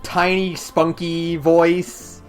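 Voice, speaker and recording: A man's voice: fairly high pitch, flat delivery, drawn-out words, faint music behind. A man co-hosting a podcast in casual chat, enthusiastic but hesitant in his phrasing. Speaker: podcast co-host.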